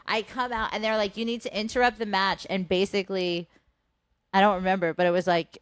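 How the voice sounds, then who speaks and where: A woman's voice: mid-range voice, brisk, clear, resonant tone, dry recording. A woman in her thirties co-hosting a podcast, telling a story casually with heavy swearing and acting out the voices of the people in it. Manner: animated, heavy swearing, acts out quoted voices. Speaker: podcast co-host.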